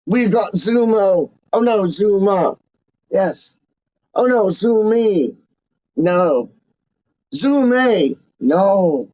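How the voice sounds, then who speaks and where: A man hosting a livestream as a self-styled, snobbish Englishman, rambling slowly in pompous rhyming nonsense. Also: high-pitched, expressive, warm tone, dry recording, exaggerated voice. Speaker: livestream host. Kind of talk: comic in-character livestream ramble. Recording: dull, lo-fi, dry sound.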